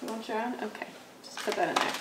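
A woman's voice: medium pitch, fast, recorded from a distance, heavy background noise. A woman reviewing grocery snacks in casual chat, laughing often and musing aloud as she tastes. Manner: chatty, laughs often, muses while tasting. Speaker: food vlogger. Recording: echoey room, mic set back.

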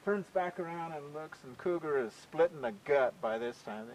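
A man telling a traditional folk tale aloud in a relaxed, conversational way, often saying "you know". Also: mid-range voice, moderate pace, a little hiss or hum, low-quality recording. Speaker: storyteller. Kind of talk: oral folk storytelling.

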